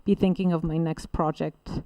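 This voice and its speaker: A woman from Bulgaria answers interview questions in English in a lower, smooth voice. She rambles, circling back with fillers and self-corrections. The sound is close and dry. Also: little pitch movement, normal speed, warm tone, no room sound, muffled recording. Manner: rambling, many fillers and restarts. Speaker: guest writer and literary translator. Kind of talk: casual interview talk.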